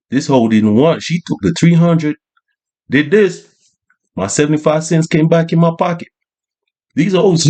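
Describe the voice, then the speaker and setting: A man's voice: fairly high pitch, a little mellow. A man voicing an older male street hustler who rambles and boasts in heavy slang.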